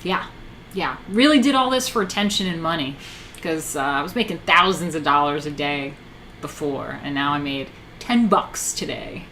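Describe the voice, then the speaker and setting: A woman's voice: sits low, expressive, moderate pace, a bit bright, slight background noise. A woman in her thirties chatting casually on a live stream, rambling, swearing and answering chat. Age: 30s.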